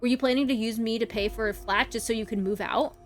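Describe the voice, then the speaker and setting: A woman's voice: on the high side, fairly even intonation, fast talker, close to an everyday voice. A woman reading aloud the part of a young man, a controlling, angry boyfriend, in a harsh, accusing way. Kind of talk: reading a visual novel aloud.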